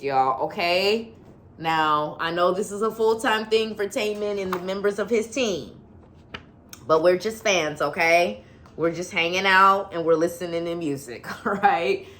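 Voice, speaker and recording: A woman's voice: medium pitch, fairly bright tone. A woman talking casually to her viewers in an unboxing vlog, sassy and teasing, often laughing and calling them sweetie. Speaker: YouTuber.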